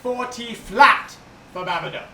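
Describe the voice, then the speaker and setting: A man's voice: very high voice, a little slow, bright, forceful tone, roomy sound, far from the mic, a little hiss or hum, pitched above the performer's own voice, exaggerated voice, poor audio. A man voicing a pushy male goblin merchant boss who barks orders and sells hard in broken grammar. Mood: wheedling deal.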